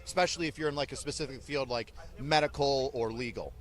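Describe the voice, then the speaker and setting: A man's voice: medium pitch, fast. A man who works as an army drill sergeant, telling blunt, joking stories in an interview. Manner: animated, blunt, joking storyteller. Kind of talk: storytelling in an interview.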